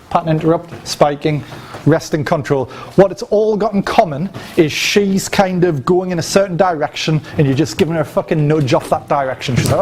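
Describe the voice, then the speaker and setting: A man's voice: fairly high pitch, fairly quick, a little mellow, a little hiss or hum. A man teaching a casual, profane seminar to a live audience, peppering his talk with "right?" and demonstrating as he speaks. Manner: loose, chatty and profane, with frequent "right?" tags and physical demonstrations. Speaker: dating coach teaching a seminar.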